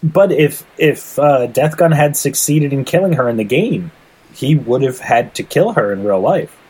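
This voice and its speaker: A man's voice: medium pitch, lively intonation, moderate pace, a little mellow, breathy edge, poor audio. A man co-hosting a casual anime discussion podcast, laid-back and jokey, laughing easily. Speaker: podcast co-host.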